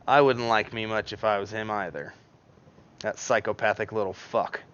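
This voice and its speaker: A man narrates a tabletop game as its game master. His voice is bright, he laughs a lot and swears freely, and the mic sounds dull and lo-fi. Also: on the low side, fairly even intonation, moderate pace. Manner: laughs often, swears casually.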